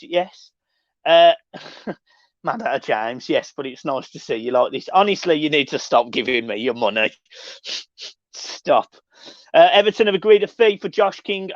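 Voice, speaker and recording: A man hosting a casual live stream, reading and answering chat with sweary, excitable banter. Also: a little high, no room sound. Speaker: livestream host reading chat. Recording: dull lo-fi dry sound.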